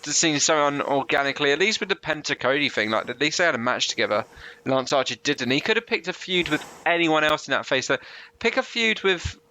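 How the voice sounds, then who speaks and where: A man co-hosting a podcast in casual chat, laid-back and quick to laugh. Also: fairly high pitch, animated, bright, forceful tone, a little hiss or hum. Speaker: podcast co-host.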